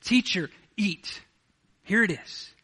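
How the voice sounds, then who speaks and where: A man's voice: sits high, animated, slow pace, bright, forceful tone, husky, heavily acted. A man voicing a puzzled group of male disciples in plain, conversational speech, bewildered.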